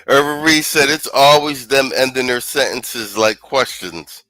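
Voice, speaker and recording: A man's voice: mid-range voice, a little slow, few pauses, bright, forceful tone, no room sound, low-quality recording. A man hosting a show, giving blunt, slangy, casual commentary on clips and reading viewer comments aloud. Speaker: show host.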